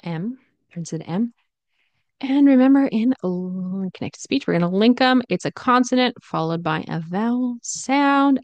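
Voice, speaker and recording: A woman teaching English pronunciation, repeating example phrases slowly and then at natural speed. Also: mid-range voice, expressive, a little mellow, no room sound.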